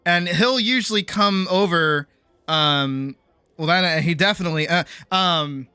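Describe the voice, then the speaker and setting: A woman streamer telling a story in casual chat, animated, laughing often and swearing freely. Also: a little slow, clean tone, no echo. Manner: quotes people in big high-pitched voices.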